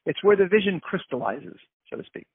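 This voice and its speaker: A man talks through his ideas in a relaxed interview, acting out little everyday scenes as examples. His voice sits somewhat high and a bit husky. It comes through a dry, tinny phone line. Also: brisk, no room sound. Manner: explains with acted-out everyday examples. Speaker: guest. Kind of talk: casual interview talk.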